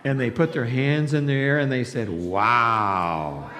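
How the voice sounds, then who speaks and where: A leader telling a Bible story to children in a church, animated and coaxing them to join in. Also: medium pitch, a little fast. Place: church sanctuary. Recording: echoey hall with loud background hiss.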